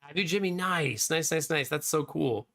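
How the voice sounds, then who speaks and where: A man in his thirties, slightly hoarse, chatting casually on a live stream and answering viewers by name. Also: on the high side, normal speed, sharp tone. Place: home streaming room.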